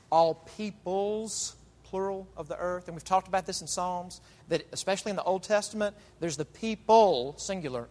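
Emphatic preaching man in a reverberant hall. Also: a little high. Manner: emphatic preaching with rhetorical questions. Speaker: pastor. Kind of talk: sermon.

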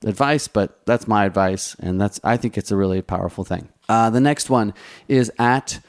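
A man's voice: lowish voice, normal speed. A man who runs a restaurant, giving career advice in a casual, conversational way full of restarts and fillers. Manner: conversational, many restarts and "you know" fillers. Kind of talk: casual advice talk, answering viewer questions.

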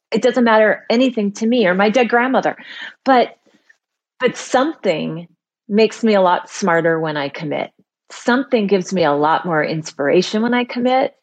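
A woman guest on a talk show, telling a personal story in a lively way and acting out the voices of the people in it. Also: mid-range voice, dull audio. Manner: lively, acts out voices in quotes. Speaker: author guest. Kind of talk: animated storytelling.

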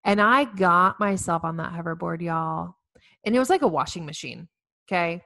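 A woman, giving a heartfelt inspirational talk to women, telling stories with earnest warmth and self-mocking humor. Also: lowish voice, moderate pace, gravelly, no echo. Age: 40s. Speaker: speaker addressing women facing infertility.

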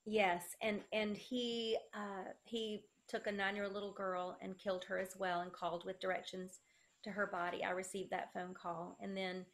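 A middle-aged woman, earnestly sharing her personal testimony and slowly reading a letter aloud. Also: mid-range voice, little pitch movement.

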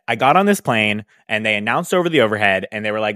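A young man hosting a podcast, telling a story in a casual, animated way with lots of fillers. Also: fairly low pitch, quick pace, few pauses, no room sound, faint music behind. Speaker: podcast host, hairstylist business educator.

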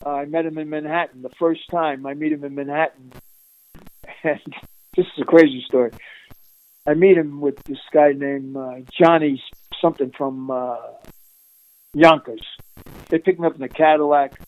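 A man being interviewed, telling an animated, streetwise story with frequent laughs and restarts. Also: on the high side, normal speed, long pauses, dry recording, rough recording. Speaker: interviewee recounting undercover work.

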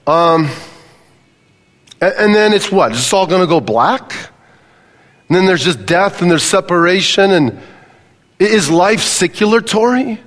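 A man's voice: high-pitched, lively intonation, unhurried, long pauses, a bit bright. An older man preaching a sermon to a congregation, conversational and full of questions to the audience. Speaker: pastor. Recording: long reverb of a large hall.

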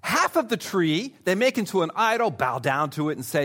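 A male pastor delivers a sermon in a slightly high voice that rises and falls with lots of movement. He speaks straight to his listeners like he's talking with them. He punches some lines loudly and drops others to a hush. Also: normal speed, few pauses. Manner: animated, swings from loud emphasis to hushed asides; conversational, speaks directly to listeners.

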